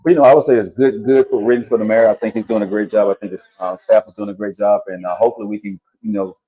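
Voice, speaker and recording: Male talk-show host, jokey, high-energy banter, studio. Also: racing, muffled recording. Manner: animated, joking, hypes up the guest.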